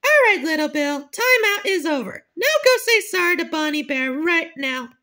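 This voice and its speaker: A woman's voice: very high-pitched, lively intonation, moderate pace, bright, forceful tone, heavily acted. Woman playing a scolding kindergarten teacher. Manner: scolding, bossy. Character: stern female kindergarten teacher.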